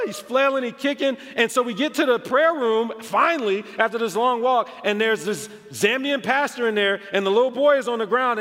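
An American man preaching a sermon, telling a story in an animated way with many casual "like" asides. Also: extremely high pitch, a little fast, few pauses. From United States. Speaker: pastor. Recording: long hall reverb.

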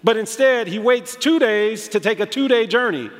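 Male pastor, sermon delivery, lively and expressive, slightly high pitch, long church-hall reverb. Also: moderate pace. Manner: animated storytelling, acts out quotes, rising emphasis.

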